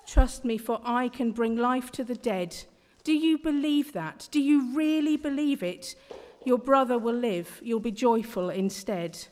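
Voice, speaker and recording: A woman voicing Jesus as a calm man who speaks in a slow, steady, reassuring way. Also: fairly high pitch, lightly acted. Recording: long hall reverb.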